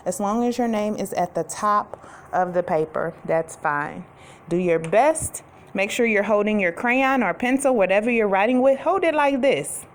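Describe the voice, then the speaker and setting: A woman teacher giving a recorded lesson to young children, speaking clearly and patiently and drawing out letter sounds. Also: fairly high pitch, a little mellow.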